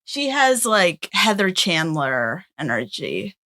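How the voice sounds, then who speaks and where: A young woman from Canada chats on a podcast in a bright, sharp voice that swings widely in pitch. She giggles a lot and gives blunt, quick opinions. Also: big pitch swings. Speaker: podcast guest, host's daughter. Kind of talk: casual podcast chat.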